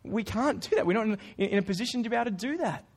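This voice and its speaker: Guy preaching, pretty high voice, casual and earnest, talks to the room like a friend. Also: expressive, very fast. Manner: casual, earnest, with informal asides. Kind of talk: conversational sermon.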